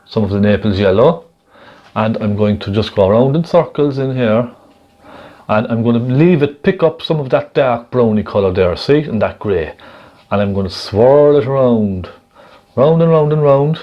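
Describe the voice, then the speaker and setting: A man gently demonstrating a painting technique step by step, chatting and checking in with the viewer as he works. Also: on the low side, expressive, normal speed, lo-fi sound. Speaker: painting instructor.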